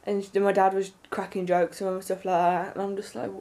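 Young girl telling a story to her camera, all excited, rambling, loads of fillers. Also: medium pitch, a little fast. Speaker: vlogger.

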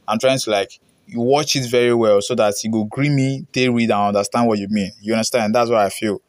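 A man's voice: lowish voice, steady tone, brisk, dry recording, studio quality. A young Ghanaian man with a Ghanaian accent hosting a casual reaction show, chatting and reading viewer comments aloud, slipping into pidgin. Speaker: reaction channel host.

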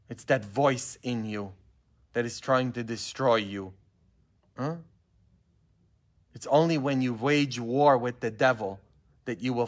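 A man, a pastor leading a Bible study in a church, preaching with animated rhetorical questions and a constant "huh?". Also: medium pitch. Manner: animated, asks the group questions and keeps tagging "huh?".

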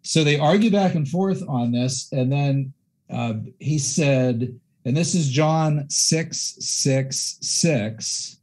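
A man hosting a casual discussion who reads scripture aloud and breaks into animated, self-correcting commentary. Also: fairly high pitch, takes it slowly. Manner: animated, acts out quotes with mock voices. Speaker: podcast host.

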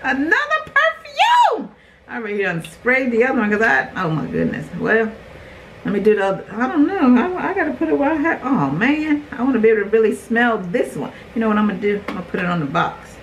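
Animated woman, chatty unboxing vlog. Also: fairly high pitch, noisy background. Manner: animated, exclaiming, quick asides. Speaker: beauty vlogger.

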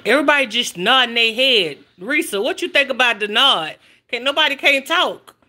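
A woman's voice: on the high side, normal speed, faint music behind. A woman hosting a cooking livestream in casual, teasing chat, reading out viewer comments as she goes. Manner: lively, teasing, reads viewer comments aloud. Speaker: cooking show host.

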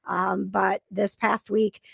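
A woman's voice: mid-range voice, level tone, slow pace, creaky, slightly rough, no echo, studio quality. A woman hosting a talk show, chatting casually with lots of fillers and thanks to her audience. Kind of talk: casual chat.

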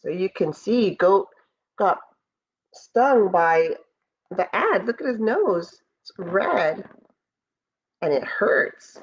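A woman teacher reading a picture book aloud to students, slow and expressive, stopping to ask them questions. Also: medium pitch, a little hiss or hum. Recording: dull lo-fi audio.

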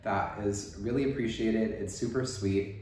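A rambling, chatty man with a Texas drawl talks through a casual knitting podcast with a slightly low voice. His speech is full of "like" and jokes. The sound is very echoey, as if he is in a bare, reverberant room. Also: fairly even intonation, a little slow, darkish tone, a little hiss or hum. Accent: Texan. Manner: rambling, chatty, joking, lots of "like". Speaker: podcast host.

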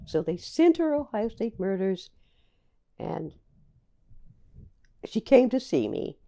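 An older woman, a playwright, recalling her career in a reflective, halting way, often repeating words as she remembers. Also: mid-range voice, sing-song, gravelly, mellow. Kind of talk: reflective personal storytelling.

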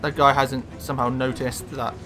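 A man casually commentating on his own gameplay, sweary and excitable, talking back to the characters on screen. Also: medium pitch, normal speed, faint music behind. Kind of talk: casual let's-play commentary.

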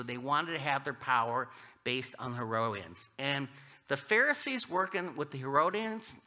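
Bright-toned man preaching with jokes. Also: medium pitch. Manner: animated storytelling, jokey asides. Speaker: guest preacher. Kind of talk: sermon with humor.

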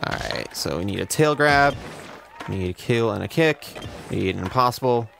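A man's voice: mid-range voice, animated, a little fast, creaky, fairly bright tone, soft background music. A young man giving sarcastic, profane, self-mocking commentary while playing a video game. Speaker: let's play host. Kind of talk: casual gameplay commentary.

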